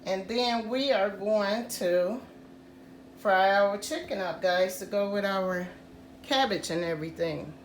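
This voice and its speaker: A woman hosting a casual home cooking tutorial, talking slowly and repeating "guys" to her viewers. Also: mid-range voice, echoey room, a little hiss or hum. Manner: slow, repetitive, says "guys" often. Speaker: cooking channel host.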